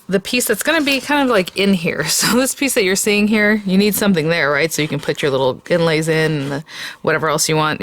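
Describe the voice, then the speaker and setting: A woman hosts a casual papercraft tutorial, talking through each step as she cuts and often checking in with the viewer with "okay?" and "right?". She is chatty, enthusiastic, and easily delighted, with a mid-range voice recorded with no room sound.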